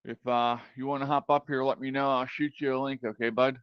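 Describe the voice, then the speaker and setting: A man's voice: medium pitch, fairly quick, smooth, dry recording. A man hosting a live stream, chatting casually with viewers and putting on an over-enunciated radio voice. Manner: relaxed, chatty, greets chatters by name. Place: home room with cats. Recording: dull, dry home mic sound.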